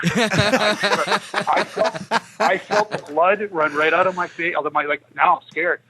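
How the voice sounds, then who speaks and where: A man in his fifties who played pro hockey tells casual podcast stories, animatedly acting out dialogue in a higher voice at moderate pace. The audio is poor, with a little hiss or hum.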